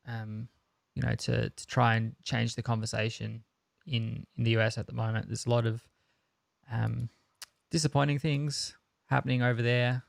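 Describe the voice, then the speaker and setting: A man co-hosting a tech podcast in casual chat. His voice is gravelly and his delivery is fairly flat, earnest and opinionated, full of ums and restarts. The sound is close and dry. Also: mid-range voice, moderate pace, no echo. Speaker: podcast co-host.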